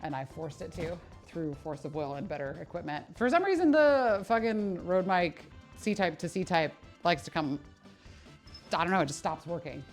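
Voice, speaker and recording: A woman's voice: lowish voice, normal speed, faint music behind. A woman who works as a personal trainer, chatting casually and swearing on a live stream while she exercises, laughing at herself often. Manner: animated, swearing, self-mocking, laughs often.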